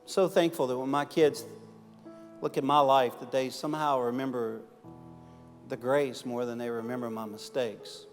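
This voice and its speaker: A man preaching a sermon as a pastor, swinging from loud, emphatic peaks down to soft, close storytelling. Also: mid-range voice, fairly even intonation, moderate pace. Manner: impassioned, rising to loud emphatic peaks then dropping soft. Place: church auditorium. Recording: large hall reverb with faint music behind.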